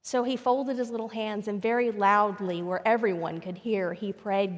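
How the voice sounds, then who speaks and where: A woman's voice: mid-range voice, fairly even intonation, normal speed, hardly any pauses. A woman pastor preaching a sermon, telling a story and rising to emphatic questions. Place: church sanctuary. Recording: long reverb of a church sanctuary.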